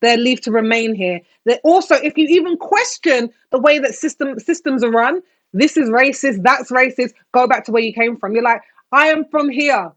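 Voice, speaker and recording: A woman's voice: on the high side, moderate pace. A British woman, co-hosting a casual panel discussion and arguing her points with passion. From Britain. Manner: impassioned, talks herself onto a soapbox. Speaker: podcast co-host.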